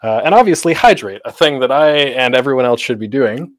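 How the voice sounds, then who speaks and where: A man's voice: mid-range voice, expressive, brisk, dry recording, studio quality. A man hosting a convention panel, giving tips in a casual, live-streamed workshop talk full of fillers. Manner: chatty, with many fillers.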